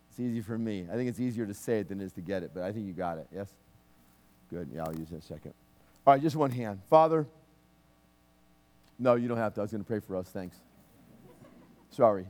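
A man who is a minister, praying and speaking personal prophecy to a congregant in a church, in a conversational, joking manner. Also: lowish voice. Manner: warm, conversational, joking asides.

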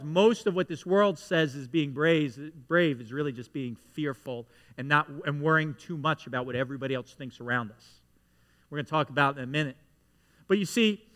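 Bright-voiced pastor preaching in a reverberant hall. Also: male voice, fairly high pitch. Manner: lively storytelling with audience asides. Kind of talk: sermon. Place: church sanctuary.

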